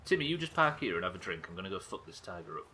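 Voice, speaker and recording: Bright-voiced, joking streamer. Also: male voice, sits low, sing-song, rapid-fire, slight background noise. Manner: swearing, joking asides to chat. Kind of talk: live gameplay commentary.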